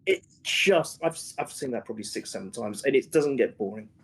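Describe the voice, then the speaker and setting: A man co-hosting a casual discussion stream, talking eagerly with a husky voice and often repeating words as he starts over. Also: medium pitch, expressive, a little fast. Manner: enthusiastic, repeats words as he restarts.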